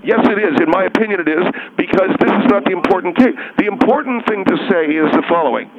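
High-voiced, pompous radio caller, flustered and stumbling, muffled broadcast with a crowd behind. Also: male voice, lively intonation, fast talker. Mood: blustery. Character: blustering male caller, self-important. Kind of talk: radio comedy sketch.

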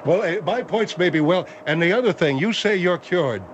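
A man's voice: high voice, lively intonation, normal speed, slight background noise, voice pushed up. A man voicing a blustering, stammering general who keeps tripping over his words. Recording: dull lo-fi line.

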